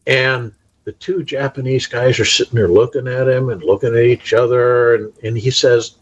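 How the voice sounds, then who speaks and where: A middle-aged man in casual conversation, telling stories in a measured, unhurried way. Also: medium pitch, fairly even intonation, husky, dull audio. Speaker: talk show participant. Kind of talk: casual chat.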